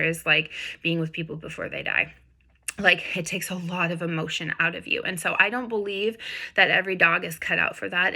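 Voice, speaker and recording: A woman's voice: lowish voice, sharp tone. A woman dog breeder explaining in a chatty, casual way, with lots of examples.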